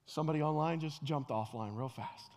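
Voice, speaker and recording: A middle-aged male pastor with a high-pitched voice delivers a revival sermon in a large church. He swings from loud, emphatic calls to quiet, personal asides, often repeating words as he restarts a phrase. His voice rings out with a long reverb across the hall. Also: a little fast. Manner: swings between loud emphatic preaching and hushed, intimate talk. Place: large church sanctuary with live audience.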